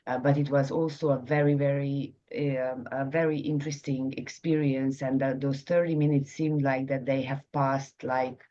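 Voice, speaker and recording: Very deep-voiced woman on a dull line. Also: little pitch movement, warm tone. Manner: halting, many fillers. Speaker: coaching participant. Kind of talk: reflective sharing.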